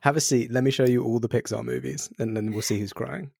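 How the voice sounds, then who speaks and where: A man hosting a casual podcast interview, speaking slowly and thoughtfully, with hesitant phrasing. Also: mid-range voice, fairly even intonation, vocal fry, a little mellow, slightly rough, no room sound, clean studio sound. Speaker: podcast host.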